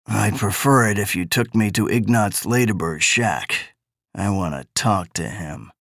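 A man's voice: lowish voice, measured pace, fairly bright tone, no room sound, clean studio sound, voice pushed down. A man voicing a weary male official who speaks in a grim, subdued way.

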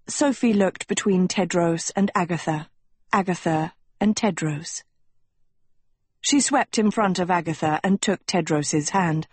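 A woman narrating an audiobook chapter in a measured, even storytelling manner. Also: fairly low pitch, husky, no echo. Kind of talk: scripted narration.

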